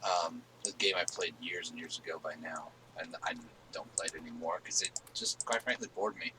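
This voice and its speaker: A man's voice: low-pitched, fairly even intonation, a little fast, noisy background. A man hosting a casual gaming stream from home on a headset, rambling easily with lots of fillers. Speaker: streamer host.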